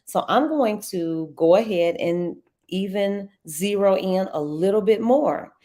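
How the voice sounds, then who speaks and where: A middle-aged woman, hosting a casual live trading walkthrough, chatty and quick to laugh. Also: mid-range voice, animated, mellow. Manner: chatty, laughs often, addresses viewers as y'all.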